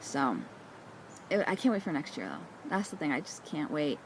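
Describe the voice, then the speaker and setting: A woman hosting a knitting vlog outdoors, chatting casually in a bubbly, excitable way. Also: deep voice, moderate pace, noisy background. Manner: bubbly and excitable, with frequent laughs. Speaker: knitting vlogger. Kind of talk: casual chat.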